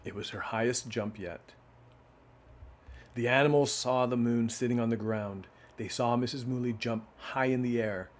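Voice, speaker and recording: A man's voice: medium pitch, fairly even intonation, moderate pace, a little hiss or hum. A casual man reading picture books aloud. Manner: casual, with asides and fillers. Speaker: children's book reader.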